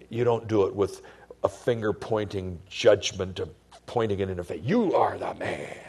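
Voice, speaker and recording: A man preaching a sermon in a conversational way, his voice swinging from loud emphasis to hushed tones. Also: fairly low pitch. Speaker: pastor.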